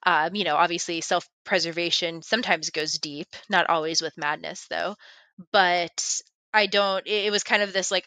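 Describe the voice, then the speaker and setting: A woman's voice: fairly low pitch, fairly even intonation, normal speed, bright, forceful tone, no room sound. A woman guest in a casual podcast conversation, thinking through questions aloud with many fillers. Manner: thoughtful, questioning, filler-heavy.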